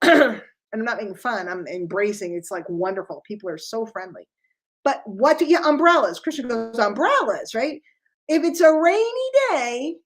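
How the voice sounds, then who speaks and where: A high-pitched, middle-aged New York City woman gives an animated business talk to her sales group, packed with rhetorical questions.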